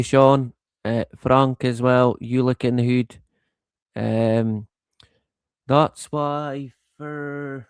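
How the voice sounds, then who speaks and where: A man's voice: medium pitch, darkish tone, dry recording. A middle-aged man hosting a live stream in casual chat, rambling, swearing freely and chuckling often. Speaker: livestream host.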